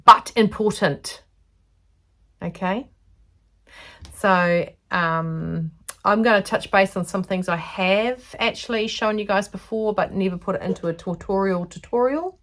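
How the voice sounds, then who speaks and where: An Australian woman chatting casually as she teaches sewing, rambling between topics. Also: mid-range voice. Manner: rambling, chatty, self-aware. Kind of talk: casual chatty tutorial vlog.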